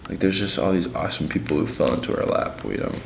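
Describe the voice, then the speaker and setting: Young missionary man, low and gravelly, casual slangy video diary, roomy echo. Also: fast talker, noisy background. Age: young adult. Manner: laid-back and slangy, many fillers.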